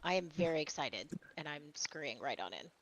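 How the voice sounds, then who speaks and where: A woman player in a tabletop game, excitable and playful over a voice call. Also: low voice, a little fast, poor audio. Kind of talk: casual tabletop play. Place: online voice call.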